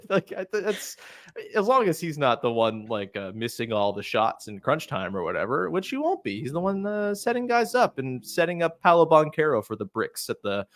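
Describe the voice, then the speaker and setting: A man's voice: a little high, huge pitch swings, moderate pace, a bit bright, dry recording. A man hosting a casual sports podcast, playful and jokey as he runs through listener questions. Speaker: podcast host.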